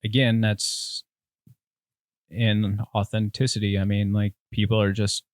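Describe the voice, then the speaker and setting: A man's voice: lowish voice, flat delivery, measured pace, no echo, studio quality. A young man who is a guest on a casual podcast, ranting bluntly and mocking others.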